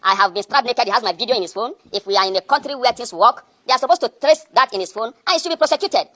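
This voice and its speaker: Nigerian woman, earnest student leader, very rapid delivery. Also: on the high side, animated, a bit bright. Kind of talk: public address.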